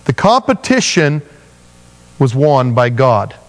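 A man preaching a sermon, telling Bible stories with animated voices for the characters. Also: mid-range voice, slow, in a large hall. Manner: animated storytelling, acting out biblical figures in voices. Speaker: pastor.

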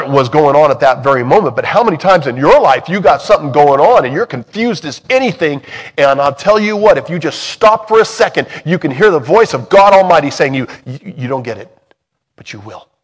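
A man preaching a sermon in a conversational way, swinging from loud emphatic bursts to soft, hushed lines. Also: fairly high pitch.

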